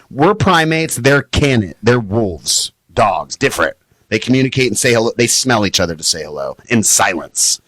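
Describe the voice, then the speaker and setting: A man talking as a dog trainer guest on a studio podcast, animated and explaining with acted-out examples. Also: no echo. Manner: animated, acts out high excited voices when quoting owners. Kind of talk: podcast interview.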